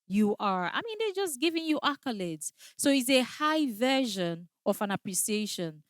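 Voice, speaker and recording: A woman's voice: sits high, sing-song, moderate pace, no room sound. Emphatic woman trainer, dry close sound. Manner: emphatic, repeats key phrases, checks in with "all right?". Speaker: customer service trainer. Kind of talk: training lecture.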